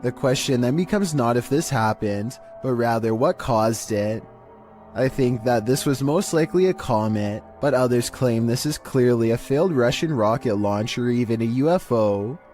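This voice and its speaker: Male narrator, monotone, mid-pitched, scripted horror countdown voice-over. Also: moderate pace, faint music behind. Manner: monotone, even delivery. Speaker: narrator of a scary video countdown.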